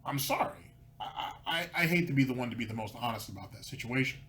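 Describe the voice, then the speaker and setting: A man's voice: medium pitch, lively intonation, fast talker, bright, forceful tone. A man hosting a reaction commentary, sarcastic and needling, rambling as he mocks. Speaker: commentary host.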